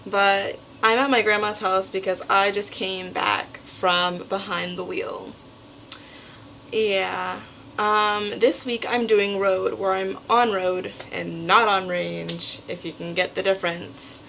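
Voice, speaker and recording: A teenage girl vlogging at home, telling a story in an animated way and acting out what others said. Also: mid-range voice, slow, creaky, slight background noise, rough recording. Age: teens. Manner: animated storytelling, acts out quotes. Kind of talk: casual venting vlog.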